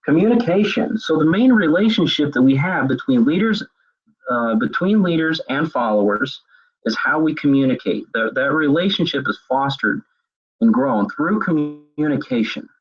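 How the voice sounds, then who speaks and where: A man's voice: on the high side, animated, moderate pace, slightly rough. A man presenting a recorded web seminar on leadership, explaining ideas as he thinks them through. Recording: dull lo-fi web seminar audio.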